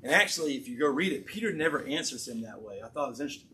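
A man preaching a sermon, telling scripture stories in a conversational, animated way with casual slang. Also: mid-range voice, rapid-fire, slight background noise. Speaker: pastor.

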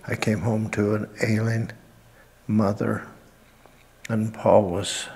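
An older man from Utah giving a halting family tribute at a memorial and reading scripture aloud. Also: lowish voice, creaky. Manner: halting, with frequent pauses and fillers. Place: church sanctuary. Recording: reverberant church hall.

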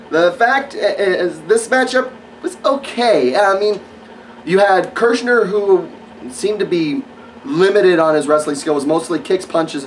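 Sarcastic dude rambling through a wrestling review, kinda high voice, mic a bit far off. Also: male voice, a little hiss or hum. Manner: rambling, sarcastic, lots of fillers. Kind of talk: casual spoken review.

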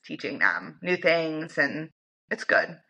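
A woman's voice: low-pitched, big pitch swings, slow pace, bright, forceful tone, slightly rough, dull audio. A woman guest in a casual interview, talking in a chatty way full of "like" and "you know". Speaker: interview guest, dog owner.

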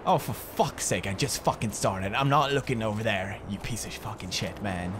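A man's voice: fairly low pitch, moderate pace, noisy background. A young man in his twenties giving jumpy, swearing commentary while playing a horror game. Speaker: gamer commentator.

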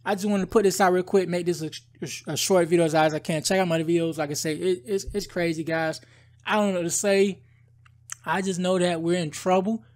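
Guy vlogging, high voice, fired-up rambling rant, lots of "bro". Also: steady tone, a little fast, a little mellow. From United States. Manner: heated, rambling, says "bro" and "guys" often. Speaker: political commentary vlogger. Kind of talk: casual ranting commentary.

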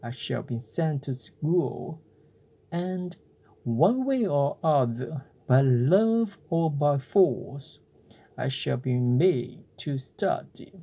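A cheeky wooden puppet boy talks back with slow, drawn-out defiance, as a storybook reader puts him on. The voice is soft and mellow, never sharp. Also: medium pitch, sing-song, slightly rough, exaggerated voice. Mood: defiant. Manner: cheeky, impatient.

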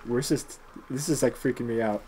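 A man playing a video game with a friend, excitable, often laughing and shrieking. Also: mid-range voice, moderate pace, slight background noise. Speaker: gamer. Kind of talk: casual gameplay chat.

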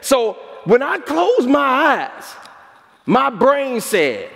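A male pastor preaching a sermon with a high voice that climbs and swoops. He tells stories and keeps asking the congregation questions. His voice carries a long echo through the church hall. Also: huge pitch swings, drawn-out words, vocal fry, a bit bright. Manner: storytelling, asks the congregation questions.

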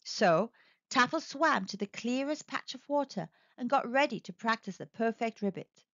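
A woman reading a picture book aloud to young children in an expressive storytelling manner. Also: a little high, normal speed, no room sound. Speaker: storybook reader. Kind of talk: children's read-aloud narration. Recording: dry, slightly dull recording.

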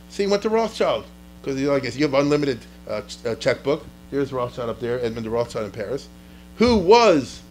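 A man, a rabbi, giving an informal, animated history lecture, often checking with his listeners and acting out quotes from historical figures. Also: medium pitch, a little hiss or hum, rough recording. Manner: animated, talks to the class directly and often asks "you get it?"; voices historical figures in quick asides.

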